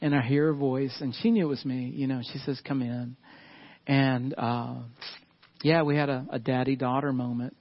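Speaking at a moderate pace with a steady, medium-pitched voice, a middle-aged pastor delivers a conversational sermon full of stories. He often chuckles and addresses his church as "y'all," captured on a slightly muffled recording.

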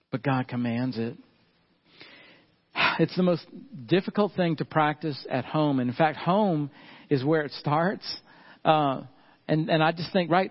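A middle-aged man, a pastor, preaching a casual storytelling sermon in church. He chuckles often and addresses the congregation as y'all. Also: a little high. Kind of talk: conversational sermon. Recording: slightly muffled recording.

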